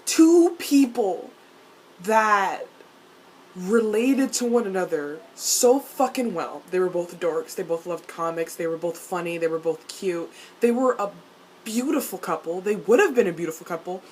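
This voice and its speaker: A woman ranting as a vlogger about a TV episode, swearing a lot and jumping up in pitch and loudness. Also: normal speed, slight background noise, rough recording. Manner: excited, swears often, jumps up in pitch and loudness. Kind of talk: fan reaction rant.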